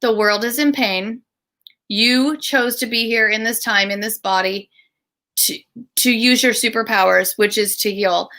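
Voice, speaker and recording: A middle-aged woman tells stories over a video call, slightly high-pitched and with a bright, forceful edge. She is animated and slips into the voices of the people she quotes. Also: measured pace. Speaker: interview guest, author and speaker. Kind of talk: storytelling in an online interview.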